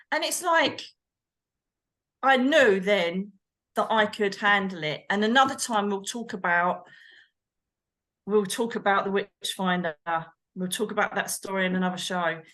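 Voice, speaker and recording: A woman co-hosting a chat show, telling a story in an animated way and acting out the quotes. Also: medium pitch. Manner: animated, acts out quotes, exclaims. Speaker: co-host, medium.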